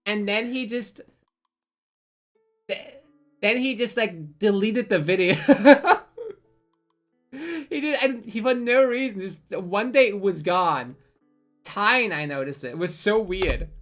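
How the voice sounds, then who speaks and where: A streamer on a live broadcast, talking in a loose, rambling way with plenty of swearing. Their sentences often stop short and restart. Quiet music plays under the voice. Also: medium pitch, takes it slowly, long pauses. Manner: rambling, profane, self-interrupting. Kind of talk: casual live-stream chat.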